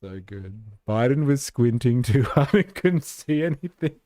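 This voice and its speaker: A man's voice: medium pitch, lively intonation, measured pace, dark tone, no room sound. A man hosting a live stream, commenting casually with sarcasm, swearing, and frequent laughter. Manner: sarcastic, profane, laughs often.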